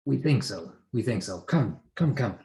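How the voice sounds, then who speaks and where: A man's voice: medium pitch, animated, moderate pace, vocal fry, warm tone, reverberant, rough recording. A man playing a polite, formal family servant. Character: loyal male family servant, polite and reserved.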